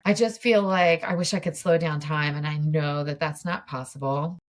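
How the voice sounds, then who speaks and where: A woman's voice: deep voice, normal speed. A woman in her forties, a mindset coach, casually talking viewers through a tapping exercise in a chatty, open way. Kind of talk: guided tapping demonstration.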